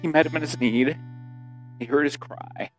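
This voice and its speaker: A man preaching a sermon as pastor, telling stories and building to loud, emotional quoted lines. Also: a little high, normal speed, soft background music.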